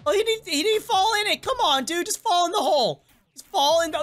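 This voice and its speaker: A high-pitched woman chatters through her game commentary, excitable and quick to talk back to the characters on screen. Her voice sounds worn and cracking, with a cough coming through. Faint game music plays underneath. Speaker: gameplay commentator.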